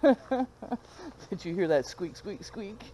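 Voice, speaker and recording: A woman's voice: medium pitch, sing-song, very slow, mellow. Older woman, farm vlogger, chatty, cooing at animals, outdoor recording, noisy with animals and cars. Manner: chatty, coos and baby-talks to animals. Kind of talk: casual vlog chat.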